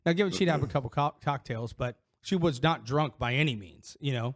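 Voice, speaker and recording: A man's voice: mid-range voice, a little fast. A middle-aged man co-hosting a podcast, telling personal stories in a candid, rambling way full of restarts and fillers. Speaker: podcast co-host. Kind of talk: casual chat.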